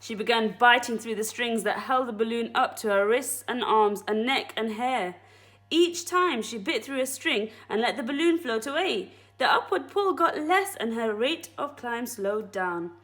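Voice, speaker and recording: A woman teacher reading a children's book aloud at story time, friendly and expressive. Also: on the high side, normal speed.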